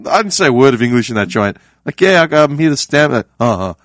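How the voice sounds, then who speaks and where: Here a medium-pitched Australian man on a podcast panel relates a story at a quick pace, animatedly playing the characters, swearing casually and often laughing. It's a dry recording of studio quality.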